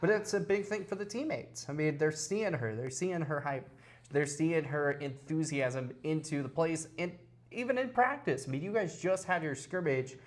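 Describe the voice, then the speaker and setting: A man's voice: fairly high pitch, animated, normal speed. A man hosting a sports interview show, asking long, rambling questions in a casual way.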